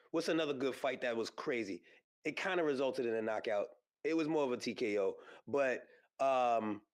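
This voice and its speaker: A man hosting a podcast, chatting casually and rambling with lots of fillers and excited exclamations. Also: on the high side. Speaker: podcast host. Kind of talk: casual solo podcast chat about combat sports. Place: podcast studio.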